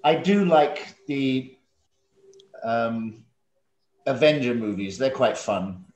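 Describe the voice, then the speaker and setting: A man's voice: mid-range voice, expressive, slow pace, darkish tone. Friendly London man teaching online. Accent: London English. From England. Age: 50s. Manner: friendly, joking, draws students out with questions. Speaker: English teacher. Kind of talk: online class lesson. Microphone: video call. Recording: echoey room on a video call.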